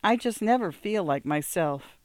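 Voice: mid-range voice, lively intonation, measured pace, darkish tone, no room sound, pitched above the performer's own voice, close to an everyday voice. A narrator voicing a weary, worn-down middle-aged wife who speaks in a tired, plaintive way.

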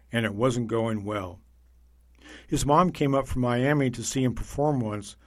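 Guy reading an article out loud, even steady delivery, mid pitch. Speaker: narrator reading a magazine feature aloud. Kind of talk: scripted narration.

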